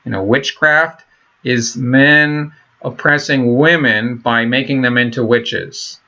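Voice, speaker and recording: A man's voice: mid-range voice, steady tone, slow, sharp tone. A man vlogging in a casual monologue, rambling and swearing, with many fillers and restarts. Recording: dull lo-fi recording.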